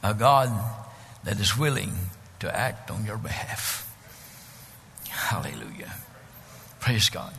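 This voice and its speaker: A man preaching a sermon as pastor, building to shouts and dropping to hushed, drawn-out lines. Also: fairly low pitch, breathy edge, long reverb tail.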